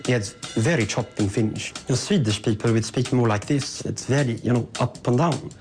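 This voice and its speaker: A man's voice: medium pitch, a little mellow. A man speaking enthusiastically in a casual interview, talking about languages and accents, with music playing behind him. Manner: fast, enthusiastic, imitates accents. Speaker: interviewee, polyglot.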